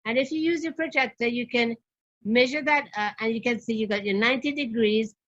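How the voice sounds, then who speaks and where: An older woman, a parenting trainer, telling lively stories from her work on a talk show. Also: fairly high pitch, fairly quick, highs cut off. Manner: lively anecdotal telling with acted quotes. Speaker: parenting trainer and guest speaker.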